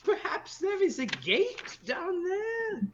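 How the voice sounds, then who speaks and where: A man's voice: very high-pitched, wildly swooping pitch, slow, dull audio, a crowd in the background. A man playing a tabletop game, speaking tentatively and giggling often. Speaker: player.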